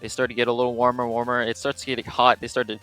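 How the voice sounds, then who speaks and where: Male co-caster, bright voice, excited and rambling. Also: mid-range voice, fast talker, faint music behind. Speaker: esports co-caster and organizer. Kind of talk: live esports commentary.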